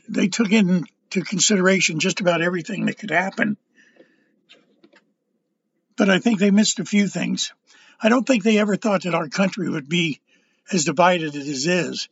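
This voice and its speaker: An older man giving a casual political monologue, rambling and halting, often stumbling over his words. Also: sits high, husky, no echo, dull audio. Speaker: political commentator.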